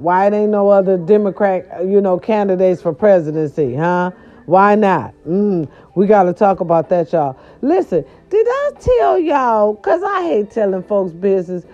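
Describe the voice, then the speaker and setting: A woman's voice: mid-range voice, dark tone. A woman hosting a casual gossip podcast, chatty and emphatic, talking straight to her listeners. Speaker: podcast host. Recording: slightly dull audio with faint music.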